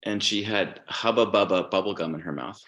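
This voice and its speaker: A man talking as a podcast guest, telling stories in a relaxed way and swearing casually. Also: low voice, fairly quick, lo-fi sound. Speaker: guest musician.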